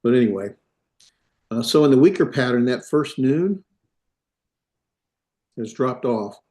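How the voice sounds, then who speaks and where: A man teaching a class, talking in a halting way with many fillers and self-corrections. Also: mid-range voice, lively intonation, a little mellow. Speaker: instructor. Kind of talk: classroom lecture.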